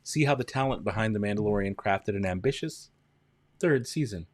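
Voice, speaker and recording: A man's voice: on the low side, expressive, a little fast, a little mellow, dry recording. A man hosting a casual livestream, chatting with viewers, greeting them by name and counting down. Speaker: livestream host.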